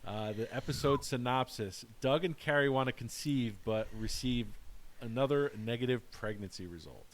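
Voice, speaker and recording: A man hosting a casual podcast, talking haltingly with many fillers and restarts. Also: mid-range voice, a little hiss or hum. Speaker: podcast host.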